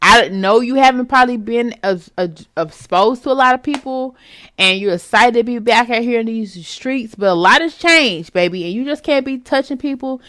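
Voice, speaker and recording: A woman's voice: fairly high pitch, normal speed, a bit bright. A woman hosting her own vlog, giving her opinions in a casual, emphatic commentary and calling the listener "baby".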